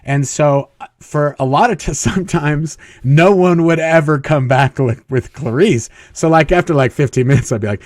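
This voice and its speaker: A man's voice: fairly high pitch, moderate pace, few pauses, a little mellow, no echo, studio quality. A man as an interview guest, telling stories casually, chuckling often and acting out quoted dialogue. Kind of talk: casual storytelling.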